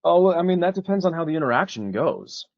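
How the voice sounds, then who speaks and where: A man's voice: on the high side, sing-song, fast talker, gravelly, no echo, lo-fi sound. A man coaching on casual talk, swearing freely and acting out both sides of bar conversations. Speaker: dating coach. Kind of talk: casual coaching chat with role-played examples.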